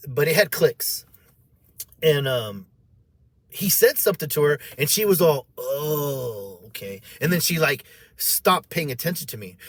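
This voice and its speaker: An animated man in a slightly higher register tells an emotional personal story. He repeats himself and slips into other people's voices as he goes. The recording is dry and close. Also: husky, no echo.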